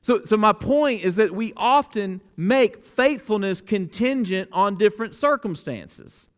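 A man's voice: high voice, expressive, measured pace. A man preaching a sermon as pastor, earnest and emphatic, often repeating a word as he restarts a thought.

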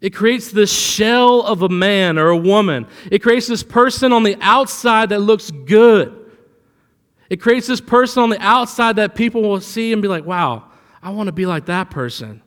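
A man with a high voice preaches in a relaxed, storytelling way, leaning hard on key words. His voice rings out with a long hall reverb. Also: normal speed, smooth. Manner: conversational preaching with anecdotes, rising for emphasis. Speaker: pastor. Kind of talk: sermon.

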